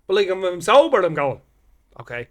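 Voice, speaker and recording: Rambling, animated Irish man. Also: sits high, a little fast. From Ireland. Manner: rambling, swears freely, mimics how people talk. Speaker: comedian guest. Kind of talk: casual podcast chat.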